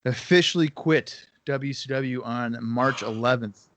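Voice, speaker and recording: A man's voice: medium pitch, a bit bright, a little hiss or hum. A man co-hosting a wrestling podcast, telling stories in casual chat and swearing freely. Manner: swearing, storytelling, quick asides. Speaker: podcast co-host.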